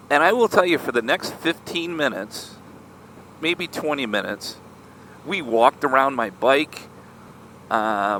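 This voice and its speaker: Animated, chatty man outdoors. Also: mid-range voice, a little hiss or hum. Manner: animated, chatty, lots of "right?" asides. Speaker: motorcycle vlogger. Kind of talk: casual storytelling vlog.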